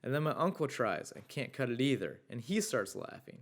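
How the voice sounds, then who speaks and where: A young man hosting a podcast in a casual, chatty way, reading listener stories aloud and riffing on them with excitable, swear-laden enthusiasm. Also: mid-range voice, a little fast. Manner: excitable, swears freely, riffs loudly on stories. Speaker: podcast host.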